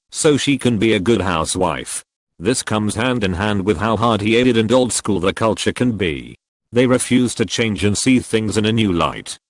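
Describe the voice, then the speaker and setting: A man reads online posts aloud in a fairly low voice. His pitch rises and falls a lot as he moves from one post to the next. The sound is close and dry, with no room around it. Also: no room sound. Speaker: narrator of forum posts. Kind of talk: scripted narration of online posts.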